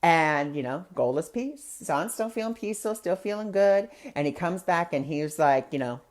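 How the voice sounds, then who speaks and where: Woman spiritual host with a low voice, casual chatty storyteller. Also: lively intonation, normal speed. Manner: chatty, many fillers, acts out quotes. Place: live online broadcast.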